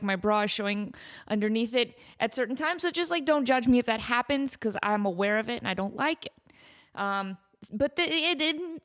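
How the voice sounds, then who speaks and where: A woman's voice: on the high side, a bit bright. A woman in her thirties hosting a casual solo comedy podcast, chatty and self-deprecating, often breaking off mid-thought. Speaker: podcast host.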